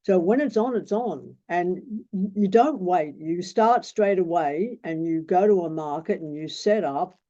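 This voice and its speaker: A man's voice: high-pitched, measured pace, hardly any pauses, warm tone. A man, teaching tarot in a blunt, rambling way and swearing freely. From Australia. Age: 60s. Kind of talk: casual teaching talk. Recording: dull lo-fi recording.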